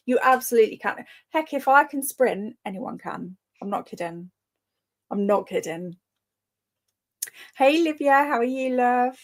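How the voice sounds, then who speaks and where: A woman's voice: a little high, sing-song, measured pace, pauses often. A woman hosting a live reading sprint, chatting casually and greeting commenters by name, often laughing. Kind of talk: casual live-stream chat.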